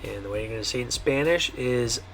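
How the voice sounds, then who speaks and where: A man teaching a pronunciation lesson, who talks patiently and repeats each word slowly with a frequent "okay". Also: mid-range voice, a bit bright, soft background music. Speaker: Spanish teacher. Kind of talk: language lesson.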